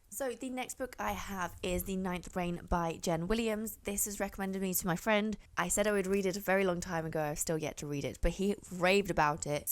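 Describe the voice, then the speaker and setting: A woman's voice: lowish voice, clear, resonant tone. A young woman chatting casually to camera as a book reviewer, rambling and often correcting herself.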